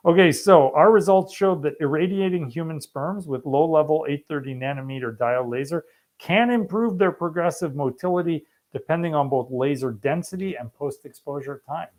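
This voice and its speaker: A man's voice: fairly high pitch, moderate pace. A man who is a fertility specialist, answering viewer questions in a casual, joking live stream and reading study titles aloud.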